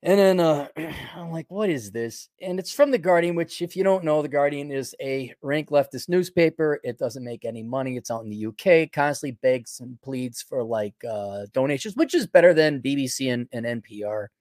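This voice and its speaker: A middle-aged man hosts a solo podcast and rambles through his opinions with heavy sarcasm, tripping over restarts and breaking into chuckles. His voice sits at an ordinary pitch and sounds dry and close, with no room around it. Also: moderate pace, a little mellow, no room sound. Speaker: podcast host.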